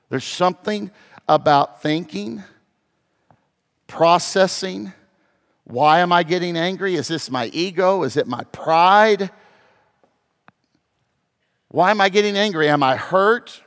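A man preaching a sermon as pastor, telling a story and moving between hushed and loud, emphatic passages. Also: sits high, takes it slowly, long pauses. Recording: long hall reverb.

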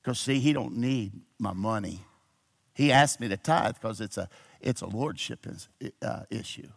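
In a slightly slow, gravelly voice, a man preaches to a church congregation, alternating shouted exhortation with low, intimate teaching.

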